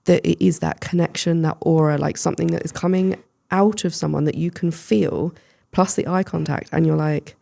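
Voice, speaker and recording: Gravelly-voiced woman host. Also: low-pitched, fairly even intonation, moderate pace. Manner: warm, affirming listener who explains with hesitant restarts. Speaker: podcast host. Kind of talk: casual podcast conversation.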